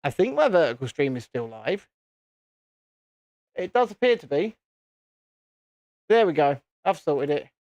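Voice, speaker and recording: A man's voice: a little high, sing-song, unhurried, long pauses, a little mellow, dry recording. A British man hosting a live stream, chatting casually to viewers in a self-deprecating, easily flustered way. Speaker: channel host.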